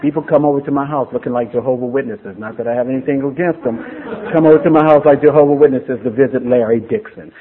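A man's voice: mid-range voice, fast, hardly any pauses. A middle-aged man gives an earnest, emotional personal testimony about his recovery to a live gathering. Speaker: speaker sharing a recovery story. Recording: tinny phone-like lo-fi audio.

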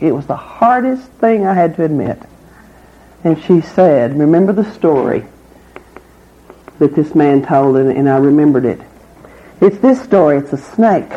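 A middle-aged woman tells her own story in an earnest, halting way, often restarting and repeating herself. She speaks as a member sharing at a recovery meeting. The recording is a little muffled and lo-fi. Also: deep voice, expressive, mellow, breathy edge. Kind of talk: personal testimony.

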